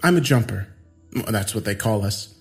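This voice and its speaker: A man's voice: on the low side, expressive, moderate pace, faint music behind. A man voicing a giggly, unhinged young man in his mid-twenties who taunts and jokes casually. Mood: breezy. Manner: smirking, laughing, casual slangy taunts.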